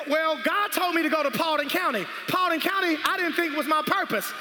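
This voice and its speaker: High-voiced shouting preacher in a hall. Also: male voice, brisk. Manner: shouting, call-and-response preaching. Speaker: pastor. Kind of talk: sermon. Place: large church hall. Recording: echoey hall with crowd noise.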